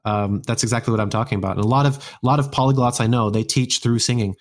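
A man's voice: medium pitch, fast talker. A man talking casually as a guest, rambling with many restarts and fillers. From United States. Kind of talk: casual conversation.

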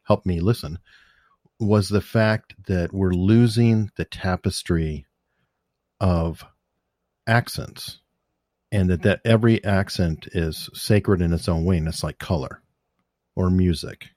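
Deep-voiced man hosting an interview. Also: steady tone, takes it slowly, pauses often, darkish tone, no room sound, clean studio sound. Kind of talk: casual interview chat.

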